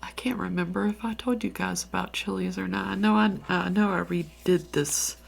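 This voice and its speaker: A woman's voice: medium pitch, steady tone, moderate pace, vocal fry, slight background noise. A tired woman with a Southern US accent, telling a story in a rambling, half-whispered ASMR style. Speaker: ASMR creator. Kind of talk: soft-spoken ASMR ramble.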